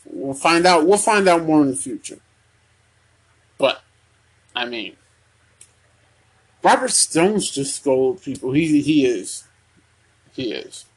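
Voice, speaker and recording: Man, husky voice, slightly high, slow halting delivery, casual wrestling talk. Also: expressive. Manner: slow, halting, many ums and restarts. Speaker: podcast host.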